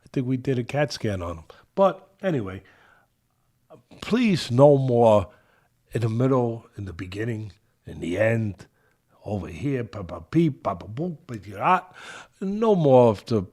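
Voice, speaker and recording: An older man giving an emphatic, repetitive fight breakdown as co-host, at times dropping to a low mutter. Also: a little mellow. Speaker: boxing analyst co-host.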